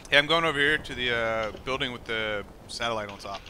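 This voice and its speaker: A man hosting a gaming video, chatting loudly and joking with his friends. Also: mid-range voice, brisk, noisy background. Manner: rowdy, joking, laughs often. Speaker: gaming channel host. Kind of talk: casual gaming chat with friends.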